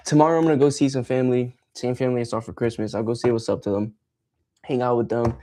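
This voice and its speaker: A man's voice: mid-range voice, fairly even intonation, quick pace, warm tone, a little hiss or hum. A man ranting on a casual livestream, frustrated and swearing freely as he rambles. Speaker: streamer.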